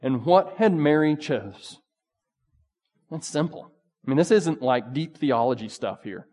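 A man preaching a sermon in a relaxed, conversational way, full of asides. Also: a little high, measured pace, in a large hall. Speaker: pastor.

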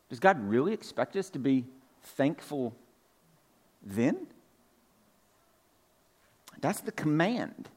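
A man with a slightly raised pitch preaches to his congregation in a church. His delivery is loose and conversational, full of casual fillers, and he circles back to restate each point. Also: slightly rough. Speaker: pastor. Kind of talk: conversational sermon. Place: church sanctuary.

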